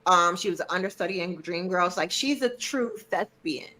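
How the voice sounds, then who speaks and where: A woman's voice: fairly low pitch, moderate pace, noisy background. A woman co-hosting a TV review show in casual chat, laid-back, explaining and chiming in.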